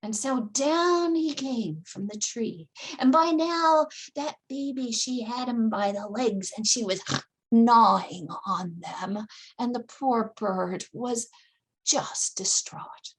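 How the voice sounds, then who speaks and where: A woman from Newfoundland telling a fairy tale to children, expressive and dramatic, with gasps and hushed asides. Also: on the high side, takes it slowly. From Newfoundland, Canada. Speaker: storyteller. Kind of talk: oral storytelling for children.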